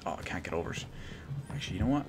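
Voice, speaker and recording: A young man commentates casually over a game stream and tosses in wry, self-mocking jokes. His voice sits somewhat low, and his delivery is relaxed and conversational. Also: racing, noisy background. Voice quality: wry, joking asides. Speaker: let's play streamer.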